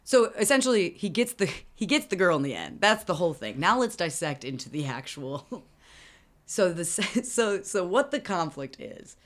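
A woman's voice: lowish voice, very animated, normal speed. A young woman co-hosting a casual chat about a movie, laughing often, swearing, and acting out scenes. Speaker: podcast co-host.

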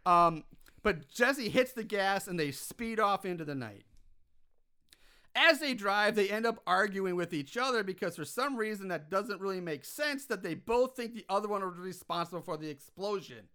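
A man casually recapping a film's plot on a podcast, animated and exasperated by the plot holes. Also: high-pitched, moderate pace, smooth. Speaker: podcast co-host recapping a film.

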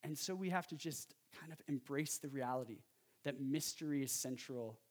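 A pastor delivers his sermon in a lively, conversational manner, tossing joking asides to the congregation. His voice sits in the mid range and moves at a normal speed.

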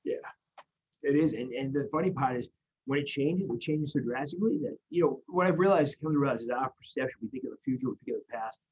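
Man, fast earnest talker, husky voice, dull lo-fi sound. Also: mid-range voice, a little mellow. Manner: earnest, rambling with restarts. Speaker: guest in recovery. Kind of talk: casual conversation.

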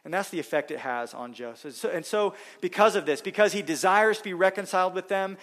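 A man's voice: high voice, a little fast, fairly bright tone. A middle-aged male pastor preaching a sermon in an earnest manner, pressing hard on key phrases. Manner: earnest, rising to emphatic stress on key phrases.

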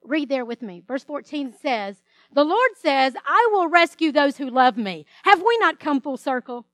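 Female pastor, middle-aged, high voice, emphatic sermon delivery, dry recording. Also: sing-song, moderate pace, a bit bright, no room sound. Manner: preaching with dramatic quoted voices and emphatic scripture reading.

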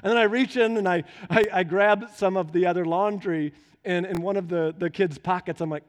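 A man with a notably high voice preaches from the pulpit of a church. He moves from relaxed storytelling to fervent, urgent exhortation. His words ring out with a long hall reverb around them. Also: a little fast. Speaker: pastor. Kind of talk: sermon.

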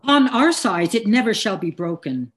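A woman's voice: medium pitch, very animated, moderate pace, natural voice. A woman reading the part of a grieving noble English lord in a Shakespeare read-through, speaking the verse earnestly. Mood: sorrowful.

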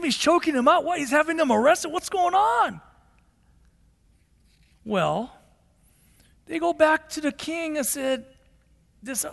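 Pastor guy preaching, really high voice, animated storytelling, lots of hall echo. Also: gravelly. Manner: animated storytelling, acts out the characters. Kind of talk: sermon. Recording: long hall reverb.

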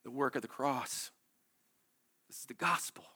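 A man's voice: medium pitch, measured pace, pushed and bright, breathy edge. A man preaching a sermon, earnest and candid, at times tearful, often restarting his sentences.

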